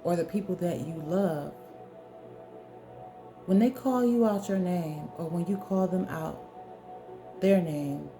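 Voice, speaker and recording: Speaking in a mellow mid-range voice, this woman delivers a direct-to-camera talk as a spiritual wellness speaker. She's earnest and preachy, driving each point in with emphatic phrases she repeats.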